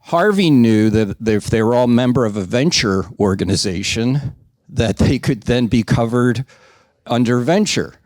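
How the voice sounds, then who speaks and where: A man's voice: medium pitch, expressive, a little slow, darkish tone, dry recording, clean studio sound. A man giving a conversational training presentation to a group, frank and self-deprecating, often asking the audience for agreement.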